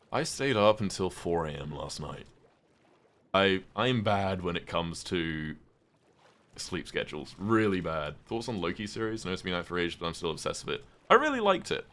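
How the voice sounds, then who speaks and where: A man with a very deep voice chats his way through a live game stream. He answers viewers' questions casually and swears now and then. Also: fairly bright tone. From United Kingdom. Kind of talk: casual live-stream chat while gaming.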